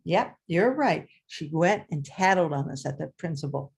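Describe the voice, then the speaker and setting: An older woman, a former teacher, telling a story aloud at a story swap and acting out the voices with big leaps in pitch. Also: normal speed, gravelly, breathy edge. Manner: animated, voices characters with big pitch jumps.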